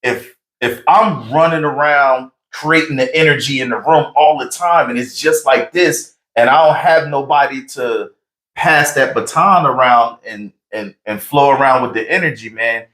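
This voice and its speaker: A high-energy man, telling stories animatedly in a casual conversation about his marriage, with loud bursts. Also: moderate pace, low-quality recording. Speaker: married guest on relationship talk.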